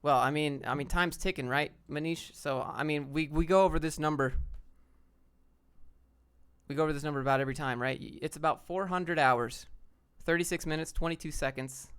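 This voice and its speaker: Young guy streamer, slangy and blunt, slightly high, smooth clear voice. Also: fairly even intonation, brisk, a bit bright. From Atlanta, Georgia, US. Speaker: streamer answering chat questions. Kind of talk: casual livestream Q&A.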